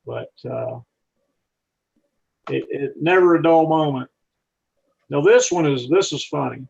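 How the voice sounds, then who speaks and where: A man with a gravelly voice pitched a little high tells flying stories in a rambling, folksy way, often restarting his sentences. It sounds like a casual talk given with slides. The recording is dull and lo-fi. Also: measured pace, a little mellow. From not from Texas. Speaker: aviator and aircraft mechanic giving a talk. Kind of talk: anecdotal storytelling talk with slides.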